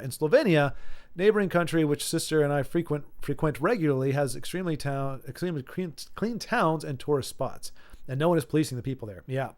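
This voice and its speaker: A man's voice: fairly high pitch, darkish tone. Stammering man in his forties streaming a game. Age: 40s. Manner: stammering restarts, reads viewer chat aloud. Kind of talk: casual live-stream chat while playing.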